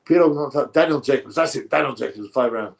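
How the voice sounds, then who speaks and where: A man hosting a live boxing stream, speaking in a plain mid-pitched voice. He rambles through viewer comments with strong opinions, stumbling and restarting his sentences as he goes. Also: fast, creaky. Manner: rambling, opinionated, frequent self-corrections.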